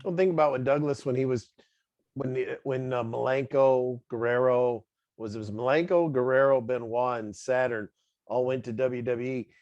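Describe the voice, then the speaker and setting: A man's voice: medium pitch, moderate pace, a little mellow, dry recording. A man hosting a casual wrestling interview, chatty and laughing often as he asks questions. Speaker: interview host. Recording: dry, dull lo-fi audio.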